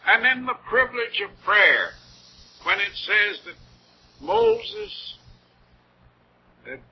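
A man's voice: high-pitched, sing-song, unhurried. A man preaching a sermon in an earnest, heartfelt way, with rising emphasis on key words. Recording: dull lo-fi old recording with faint noise.

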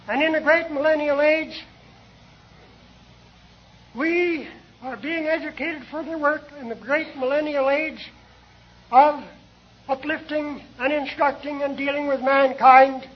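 A man preaching a sermon in a deliberate, measured way, pausing often between phrases. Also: very high voice, highs cut off. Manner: slow, deliberate, with many pauses.

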